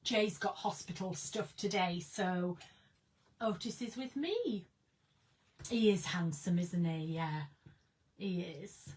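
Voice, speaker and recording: Slow, giggly woman chatting on a livestream. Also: fairly low pitch, a little mellow, breathy edge, rough recording. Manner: chatty, giggly, greets viewers by name. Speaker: craft live streamer. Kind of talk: casual live-stream chat. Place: craft studio indoors.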